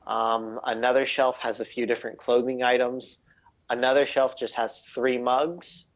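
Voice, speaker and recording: A man narrating a tabletop game as game master, halting and full of ums and likes. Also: mid-range voice, flat delivery, muffled recording.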